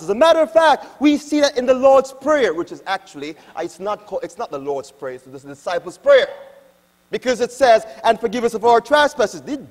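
Male pastor, high and lively delivery, dynamic sermon style with a long church-hall reverb. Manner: dynamic preaching, swings from quiet asides to loud emphatic quotes.

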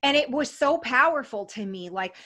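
A woman's voice: high voice, animated, normal speed, pushed and bright. A woman telling a story in casual talk, blunt and swearing freely, acting out what people said. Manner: blunt, swears freely, acts out quoted dialogue. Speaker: interview guest.

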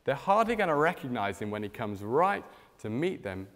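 A man preaches in a church, with a lively, animated delivery that rises and drops. His voice sits in an ordinary middle pitch. A long reverb from the hall trails after each phrase. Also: moderate pace. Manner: animated storytelling with strong swings in pitch and loudness. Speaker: pastor. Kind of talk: sermon.

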